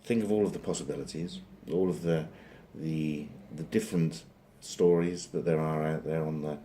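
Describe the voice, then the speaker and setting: Deep-voiced rambling joke teller. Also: male voice, steady tone, normal speed, warm tone, a little hiss or hum. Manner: rambling, digressive, dry asides. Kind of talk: rambling comic storytelling.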